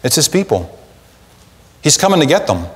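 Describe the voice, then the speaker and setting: A man preaching a sermon as pastor, in an animated, conversational way with acted asides, in a church sanctuary. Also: on the high side, normal speed. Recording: long church reverb.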